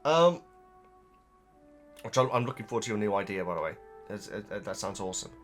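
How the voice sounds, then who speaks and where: A man's voice: fairly low pitch, animated, fairly quick, faint music behind. A man who hosts, chatting casually as he reads out viewer comments, rambling, stopping himself and laughing often. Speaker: host reading viewer comments. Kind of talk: casual chat to camera.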